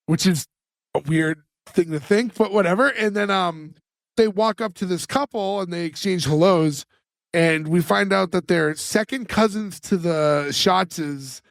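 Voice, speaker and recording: A man's voice: sits high, measured pace, vocal fry, no echo, clean studio sound. A man co-hosting a casual podcast, joking and acting out lines while he recaps a sitcom episode. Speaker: podcast co-host.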